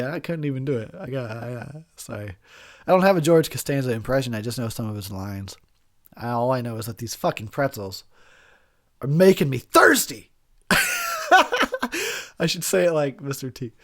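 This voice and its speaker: A drunk and high man giving a crude, rambling, giggly commentary over a movie he is watching.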